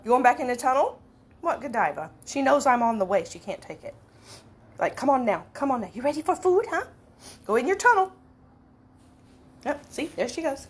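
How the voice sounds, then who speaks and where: Woman cooing to her cats, lively voice. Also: slight background noise. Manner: coos in high baby talk to her cats. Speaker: home cooking vlogger. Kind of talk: casual chat to camera and pets. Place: home, indoors.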